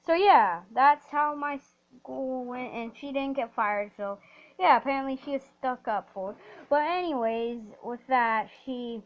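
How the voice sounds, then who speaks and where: A woman telling a rambling, excitable story while playing a game, often restarting her sentences. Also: sits high, unhurried, lo-fi sound. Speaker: gaming storyteller. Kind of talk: storytime over gameplay.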